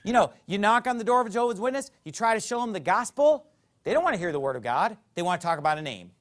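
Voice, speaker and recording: A man's voice: high-pitched, sing-song, fast, a bit bright. A man preaching a sermon as pastor, emphatic and fond of rhetorical questions.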